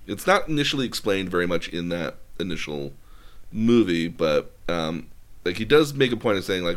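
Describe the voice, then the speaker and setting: Deep voiced guy rambling thru a movie plot, lots of ums and uhs. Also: very animated, moderate pace. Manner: rambling with many fillers. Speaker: host retelling a film plot. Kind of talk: casual chat.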